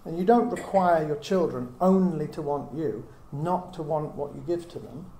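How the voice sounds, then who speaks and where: Middle-aged man, earnest Bible teacher, mellow slightly high voice, echoey room with faint hiss. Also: normal speed. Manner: earnest, reasoning with rhetorical questions. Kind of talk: teaching talk to a small group.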